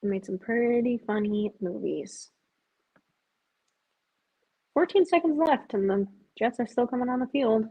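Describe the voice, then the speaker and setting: A woman casually chatting her way through a live watch of a football game, filling her talk with "like" and breaking into loud disbelief at big plays. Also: on the high side, fairly even intonation, moderate pace, hardly any pauses. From US Midwest. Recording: dull lo-fi sound.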